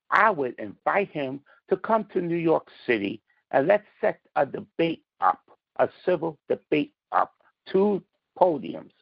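A man's voice: fairly high pitch, creaky, slightly rough, dry recording, highs cut off. A man calling in to a political podcast, talking in a combative, emphatic way and stressing his words. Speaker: caller. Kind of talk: call-in political commentary.

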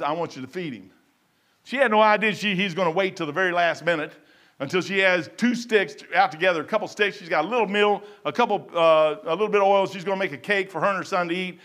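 Folksy man preaching a rambling sermon. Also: sits high. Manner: reads scripture slowly, then trails off quietly. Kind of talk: casual storytelling sermon.

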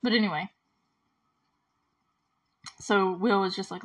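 A woman's voice: mid-range voice, normal speed, a bit bright, highs cut off. A young adult woman hosting a casual recap podcast, talking in a chatty, emotional way and using "like" often. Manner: chatty and emotional, heavy use of "like". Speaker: show host recapping a TV episode.

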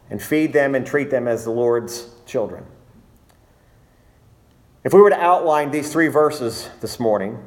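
A man's voice: mid-range voice, a little mellow. A male pastor preaching a sermon, reading scripture aloud and then expounding it with rising emphasis.

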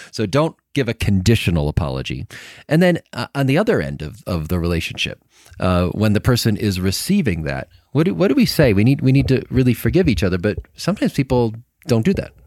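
A middle-aged man talks in a lively, animated way, his pitch swinging widely as he makes his points. He often restarts and repeats words mid-sentence. The recording is dry and close. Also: dry recording. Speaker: podcast co-host. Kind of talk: casual conversation.

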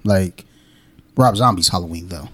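A man's voice: deep voice, normal speed. Laid-back, profane male podcast host. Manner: loose, profane, animated storytelling. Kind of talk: casual podcast chat.

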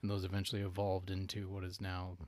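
A man's voice: low-pitched, completely flat delivery, quick pace, darkish tone. A man from North Carolina co-hosting a podcast in casual chat, rambling with lots of "like" and "you know" and laughing easily. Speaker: podcast co-host.

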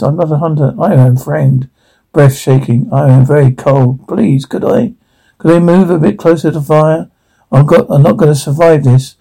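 A man's voice: fairly high pitch, gravelly, mellow, low-quality recording. An actor playing a wounded, cold male explorer who pleads for help in a shaky, stammering voice. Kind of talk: film drama dialogue.

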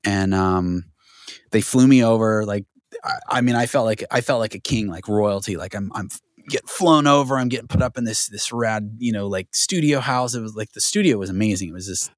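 A man telling a studio story as an interview guest, animated and full of restarts and fillers. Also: on the low side, a little fast, dry recording. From Southern California. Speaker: guest, record producer.

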